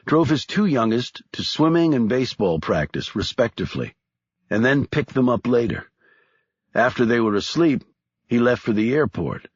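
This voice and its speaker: A man narrating a spy thriller audiobook in a steady, measured storytelling voice. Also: fairly low pitch, breathy edge, no echo, highs cut off.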